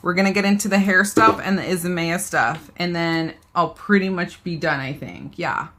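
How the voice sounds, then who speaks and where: A woman's voice: on the low side, moderate pace, fairly bright tone, slight background noise. A woman, hosting a casual live beauty haul, chatting and reading viewer comments aloud. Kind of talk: casual live-stream chat.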